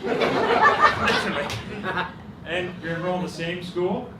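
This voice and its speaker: A man's voice: high voice, wildly swooping pitch, measured pace. A man, giving a best man's wedding speech and telling jokey stories that he laughs through, turning earnest when he praises his friend. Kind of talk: wedding toast storytelling. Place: reception hall with guests. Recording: roomy, distant, loud room noise.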